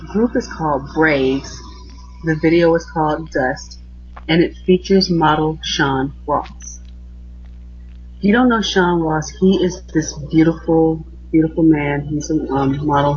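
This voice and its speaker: Gushing low-voiced woman in her late thirties. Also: steady tone, slow pace, slight background noise. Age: late 30s. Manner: gushing, exclamatory. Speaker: podcast co-host. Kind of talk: casual celebrity chat. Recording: dull lo-fi recording.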